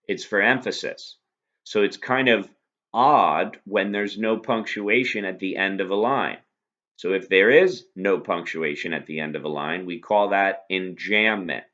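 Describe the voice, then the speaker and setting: A man with a fairly low voice gives a recorded lesson. He talks patiently and keeps posing rhetorical questions. The recording sounds dull and lo-fi. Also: unhurried, sharp tone. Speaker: teacher. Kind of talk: recorded lecture review.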